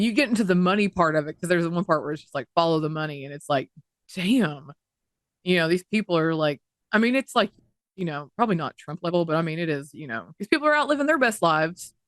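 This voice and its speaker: A woman's voice: lowish voice, a bit bright, no echo, clean studio sound. A woman co-hosting a podcast in casual chat, talking indignantly at length and swearing freely. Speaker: podcast co-host.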